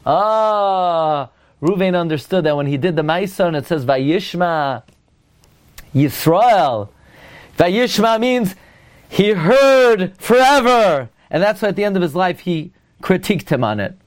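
A man with a high-pitched voice delivers a lively Torah lecture. He speaks emphatically, turns to his listeners with pointed rhetorical questions, and weaves Hebrew and Yiddish terms into his English as he tells a story. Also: a little slow. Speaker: rabbi teaching Torah.

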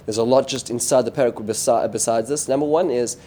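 A man giving an informal Bible lesson, retelling the story with lively commentary, often restarting his sentences and mixing in Hebrew verses. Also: mid-range voice, a little fast, a little hiss or hum. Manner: animated storytelling with frequent restarts; mixes Hebrew terms and verses into English. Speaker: Bible teacher.

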